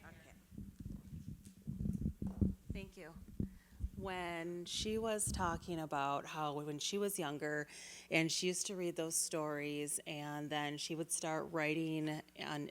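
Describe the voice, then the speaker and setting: A woman's voice: sits low, steady tone, takes it slowly. A mother from the audience, earnestly sharing a personal story in a rambling way. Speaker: audience member.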